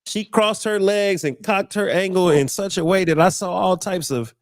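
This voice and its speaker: A young man hosting a podcast, telling an animated story and acting out the voices in it. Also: high voice, normal speed, no echo, clean studio sound. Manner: acts out voices in his stories, preachy exclamations. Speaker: podcast host.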